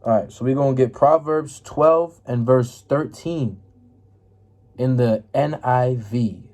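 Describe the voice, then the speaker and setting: Reading verses and explaining them in a relaxed, repetitive way, this religious teacher leads an informal scripture lesson, repeatedly saying "right?" and "man" and stumbling as he looks up passages. He speaks slowly with a medium-pitched, darkish voice.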